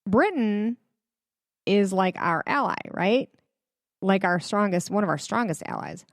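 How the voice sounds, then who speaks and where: A woman's voice: medium pitch, big pitch swings, slow, pauses often, no echo, clean studio sound. A woman hosting a casual religious commentary, chatty and emphatic, with many fillers, speaking straight to her viewers. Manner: addresses viewers directly. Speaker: host.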